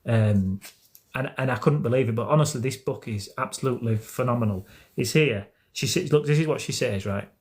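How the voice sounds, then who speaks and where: A man's voice: medium pitch, brisk. A man with an English accent hosting a casual live stream at home, talking earnestly and rambling with many restarts. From England. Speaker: host of a live stream on anxiety recovery.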